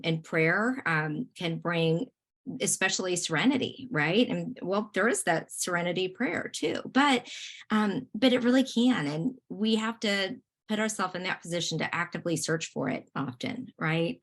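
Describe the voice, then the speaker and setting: A woman lecturer speaking over a video call in a slightly low voice. She is encouraging and warm in tone, often pausing on fillers and restarting her phrases as she explains. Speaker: lecturer on positive emotions. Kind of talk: online presentation and Q&A.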